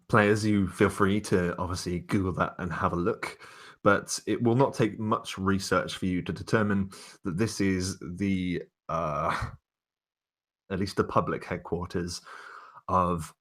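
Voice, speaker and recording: Deep-voiced male game master, relaxed rambling narration. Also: slow pace. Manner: relaxed, wordy narration with fillers.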